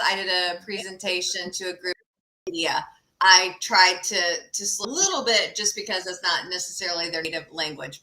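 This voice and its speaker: Upbeat lady host, fast talker, bright voice, echoey room. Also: medium pitch. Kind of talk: live interview chat.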